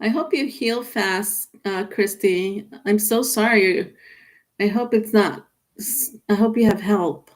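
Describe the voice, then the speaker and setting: A woman's voice: mid-range voice, slow. A woman reading tarot on a live stream, talking with viewers in a chatty, casual way, reading their comments aloud and calling them honey. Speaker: tarot reader.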